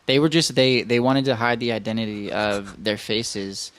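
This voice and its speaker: A man's voice: fairly low pitch, little pitch movement, moderate pace, a bit bright, no room sound. A man co-hosting a podcast in casual chat, rambling with many fillers and restarts. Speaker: podcast co-host.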